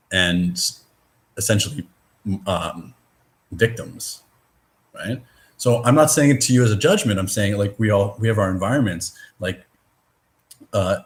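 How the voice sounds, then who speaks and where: Taking part in a casual discussion, a man with a lowish voice speaks in a rambling, halting way with many fillers and restarts. He swears now and then.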